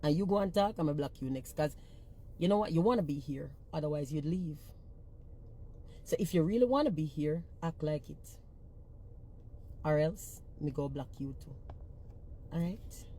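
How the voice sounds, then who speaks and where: A woman's voice: deep voice, lively intonation, moderate pace, pauses often, warm tone. A woman with a Jamaican accent ranting on a phone livestream, blunt and profane as she scolds her commenters. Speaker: social media personality.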